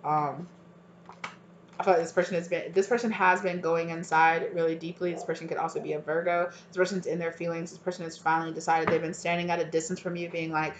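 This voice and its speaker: A woman's voice: fairly low pitch, flat delivery, fast, roomy sound, lo-fi sound, a little hiss or hum. A woman giving a casual tarot reading to her viewers, talking loosely with lots of fillers and repeated words. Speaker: tarot reader.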